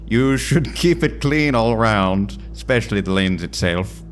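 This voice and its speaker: A man voicing an old-timey, gruff male boatman with a put-on Irish accent and slow, drawn-out delivery. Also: on the low side, animated, faint music behind, voice pushed up.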